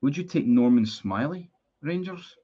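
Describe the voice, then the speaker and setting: A man's voice: on the high side, expressive, a little slow, warm tone, breathy edge, dull audio. A Scottish man streaming a live football watchalong, chatting with his viewers, frustrated and sweary about his team. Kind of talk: live match watchalong commentary.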